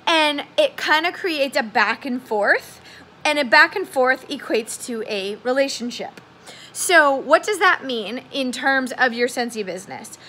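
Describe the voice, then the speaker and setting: A woman's voice: high-pitched, lively intonation, measured pace, pushed and bright. A young woman giving casual coaching tips on sales conversations in an upbeat way, sometimes acting out sample messages. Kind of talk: casual coaching talk to camera.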